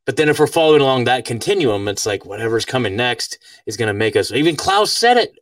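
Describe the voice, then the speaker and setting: A man's voice: medium pitch, big pitch swings, fast, fairly bright tone, dry recording. A man hosting a podcast in casual conversation, rambling with lots of filler words and easy laughter. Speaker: podcast host. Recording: dry, distant from the mic.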